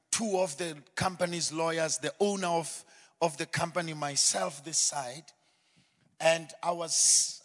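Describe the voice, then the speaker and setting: High, bright-voiced man testifying in a church. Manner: dramatic storyteller, swinging from quiet asides to shouted peaks. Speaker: guest speaker giving a testimony. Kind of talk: preaching testimony. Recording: long hall reverb.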